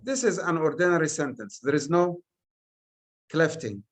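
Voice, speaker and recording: A male English teacher giving an exam revision lesson, speaking deliberately and stressing single words one at a time. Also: on the high side, sing-song.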